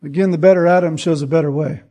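A man's voice: on the high side, steady tone, fast talker, warm tone. A man preaching a sermon, earnest and emphatic, building points through repetition. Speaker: pastor.

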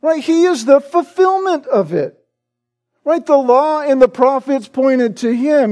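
A man preaching from the pulpit in a strikingly high voice. He drives his points home with emphatic, repeated words and keeps punctuating them with a questioning "right?" to his congregation. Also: lively intonation, measured pace, darkish tone. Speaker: pastor. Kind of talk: sermon.

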